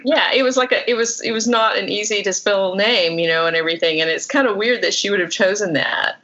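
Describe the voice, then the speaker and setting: A woman's voice: medium pitch, brisk, bright, forceful tone. A woman author with a Southern US accent, chatting loosely and animatedly as a podcast guest. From Florida. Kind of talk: casual interview chat. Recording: muffled lo-fi podcast audio.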